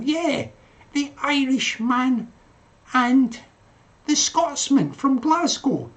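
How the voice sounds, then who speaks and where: A man's voice: very high-pitched, expressive, extremely slow, long pauses, a bit bright. An older man hosting a casual livestream, laughing often and calling himself by name in the third person. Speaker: livestream host.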